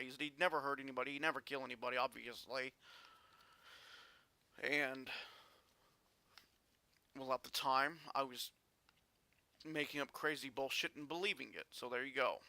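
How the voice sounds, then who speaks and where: A man vlogging a personal story in an earnest, halting way with frequent restarts. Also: medium pitch, steady tone, bright, forceful tone, no echo.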